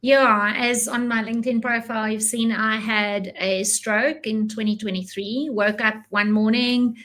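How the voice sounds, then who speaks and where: A woman's voice: a little high, steady tone, measured pace, a bit bright. A South African woman in her forties with an Afrikaans first language, talking as a guest in a casual interview, reflective and laughing often. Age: 40s.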